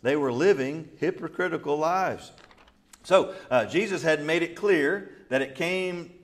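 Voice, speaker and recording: Animated middle-aged man preaching a sermon. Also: mid-range voice. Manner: animated, acts out quotes with laughs and asides. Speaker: pastor. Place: church sanctuary.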